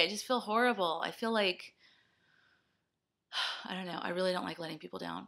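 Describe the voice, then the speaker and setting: A young woman talking straight to camera in a rambling personal vlog. Her voice is bright and forward, and her speech comes in scattered, self-deprecating bursts. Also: lowish voice, normal speed, vocal fry, pauses often. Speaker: vlogger. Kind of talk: rambling personal video blog.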